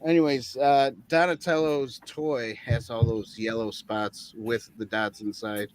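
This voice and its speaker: A man's voice: mid-range voice, fairly even intonation, unhurried. A man on a movie review panel, chatting casually in a rambling, hesitant way full of fillers. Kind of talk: casual chat. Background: crickets chirping.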